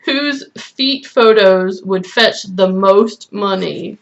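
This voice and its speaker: A woman's voice: mid-range voice, slow, gravelly, highs cut off. A woman hosting a casual couple chat, laughing often between her lines. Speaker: channel host.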